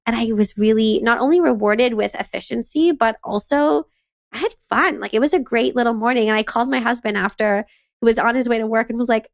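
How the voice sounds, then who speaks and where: Animated woman with a gravelly edge. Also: a little high, brisk, no room sound, studio quality. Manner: animated storytelling, acting out her child's lines. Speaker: podcast co-host. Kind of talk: casual conversational podcast chat.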